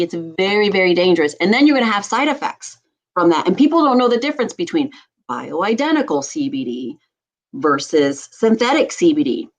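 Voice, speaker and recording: A woman doctor hosting a health talk show, speaking with a somewhat low voice. She talks with animated passion and laughs often. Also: low-quality recording. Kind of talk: casual talk show chat.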